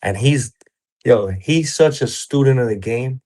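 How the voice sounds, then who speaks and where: A man's voice: mid-range voice, a little slow, warm tone. A man who works as a boxing coach, talking in a laid-back, casual way and constantly checking in with "you know what I'm saying.". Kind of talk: casual interview chat.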